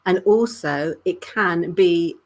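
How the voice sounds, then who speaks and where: A woman, a weight-loss coach calmly explaining her methods as a guest. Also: on the low side, takes it slowly. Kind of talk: interview answers.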